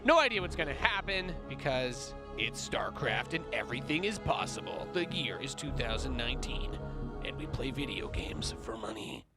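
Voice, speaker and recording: A man's voice: medium pitch, sing-song, creaky. A man casting a competitive video game match, joking with his co-caster between play-by-play calls. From United States. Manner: joking, quick banter. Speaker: esports caster. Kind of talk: play-by-play commentary. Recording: music playing behind.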